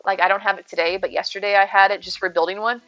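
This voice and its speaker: A woman's voice: mid-range voice, fairly even intonation, quick pace, fairly bright tone, muffled recording. A woman streaming a game, chatting casually and rambling to her viewers by name. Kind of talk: casual live-stream chat while gaming.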